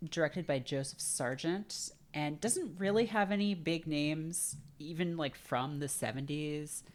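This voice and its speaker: A woman's voice: low voice, a little slow. A woman guest on a podcast, chatting casually and retelling film scenes in quoted voices. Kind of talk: casual chat.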